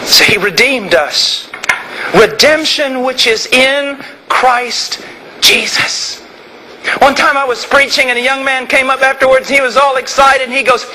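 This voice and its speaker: A man preaching a sermon, moving between quiet reflection and fervent shouting. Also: very high voice, unhurried, slight background noise, low-quality recording. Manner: impassioned, swings from quiet to shouting.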